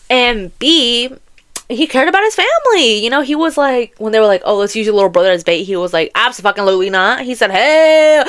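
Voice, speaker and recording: A woman's voice: medium pitch, clear, resonant tone. A young woman hosting a podcast, chatting casually about audiobooks with lots of slang, swearing and laughter. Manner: animated, laughing, profane slang. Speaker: podcast host. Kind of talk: casual chat about books.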